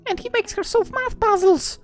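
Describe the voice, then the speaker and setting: A woman voicing a bubbly, excitable young heroine in a visual novel, with a high, gushing, squealy delivery. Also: moderate pace, soft background music. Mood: excited. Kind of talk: visual novel read-aloud.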